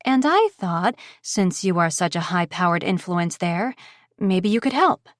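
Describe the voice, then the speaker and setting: A woman's voice: lowish voice, expressive, unhurried, dry recording, clean studio sound. A woman voicing a determined young heroine keeping a strained polite tone on a call, in an audiobook. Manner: forced politeness.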